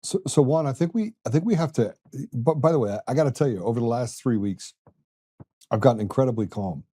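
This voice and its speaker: A man's voice: medium pitch, expressive, a little fast, mellow, breathy edge. A man hosting a political talk podcast, telling stories in an earnest conversational way. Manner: earnest, storytelling. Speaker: podcast host.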